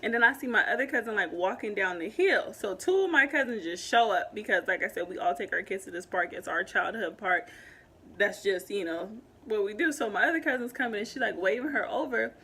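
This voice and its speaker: A young woman in a casual storytime vlog, talking animatedly with many fillers and growing loud when upset. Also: medium pitch, animated, brisk, husky. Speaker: vlogger telling a story.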